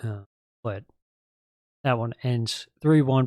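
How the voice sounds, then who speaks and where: A man co-hosts a football podcast, walking through matches in a relaxed, easygoing way with plenty of fillers. His voice sits at an ordinary middle pitch. The sound is dry and close, with no room around it. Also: unhurried, no room sound. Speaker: podcast co-host. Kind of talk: casual football match recap.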